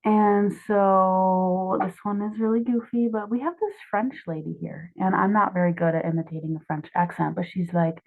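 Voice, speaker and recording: A woman's voice: medium pitch, fairly even intonation, normal speed, creaky. A young woman in her twenties walks through her own drug mnemonic drawings in a chatty, offhand way, correcting herself as she goes. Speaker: student explaining drug mnemonics. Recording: tinny phone-like sound.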